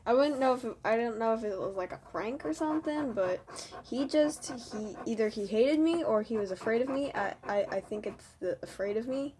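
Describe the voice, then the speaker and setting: A teenage girl with a slightly high voice tells a school story in a loose, chatty way. She keeps restarting her sentences and pads them with "like" and "you know". She laughs at her own past behavior as she goes. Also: a little fast, noisy background. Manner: rambling, full of "like" and "you know", self-mocking. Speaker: student vlogger. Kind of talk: casual storytelling.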